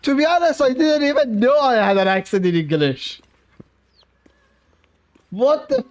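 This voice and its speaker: A man's voice: extremely high pitch, lively intonation, measured pace. A man from Iran with a Persian accent, his first language being Persian, chatting casually with his chat on a game livestream, laughing often and bantering playfully. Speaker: streamer.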